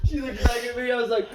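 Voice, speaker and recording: A man's voice: very high-pitched, roomy sound, noisy background. A young man, casually telling funny stories and laughing through them. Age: 20s. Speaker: storyteller. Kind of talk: casual storytelling.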